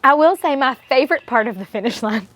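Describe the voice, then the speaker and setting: Her voice high, animated, a little fast and a bit bright, a young woman vlogs about her race day. The casual recap is chatty and enthusiastic before it becomes emotional.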